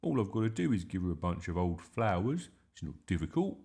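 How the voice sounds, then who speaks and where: A man's voice: low-pitched, sing-song, a little fast, dark tone. A man voicing a mischievous, stubborn six-year-old boy in a read-aloud storybook, indignant and protesting. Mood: boastful.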